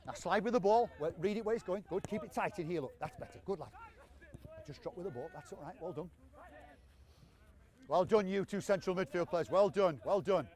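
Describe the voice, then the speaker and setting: A man running an on-pitch football coaching session outdoors, calling out brisk, encouraging commands to his players. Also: a little mellow.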